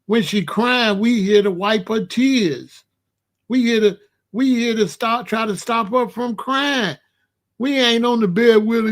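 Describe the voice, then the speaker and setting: High-voiced man preaching emphatic commentary. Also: unhurried, fairly bright tone. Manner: preachy, emphatic, repeats himself. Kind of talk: monologue commentary to camera.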